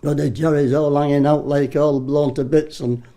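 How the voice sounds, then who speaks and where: Old man, nineties, rambling war yarns, swears freely, high-ish dark mellow voice. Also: level tone, moderate pace. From Britain. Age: 90s. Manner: rambling, salty storyteller who swears freely and restarts often. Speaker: war veteran interviewee. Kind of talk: casual reminiscing.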